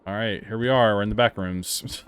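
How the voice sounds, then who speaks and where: A young man giving casual, wry commentary while playing and reviewing a video game. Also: lowish voice. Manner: wry, sarcastic asides. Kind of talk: casual let's-play commentary. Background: faint game music.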